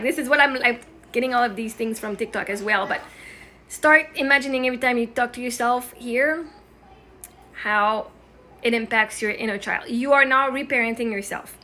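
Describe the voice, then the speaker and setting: A woman with a high, bright voice talks in an earnest, encouraging way, and she often checks in with the listener as she talks. She sounds middle-aged and is hosting a casual heart-to-heart conversation. A faint ambient hum sits behind her. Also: fairly even intonation, fairly quick. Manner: earnest, encouraging, frequent "right?" tags. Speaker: host.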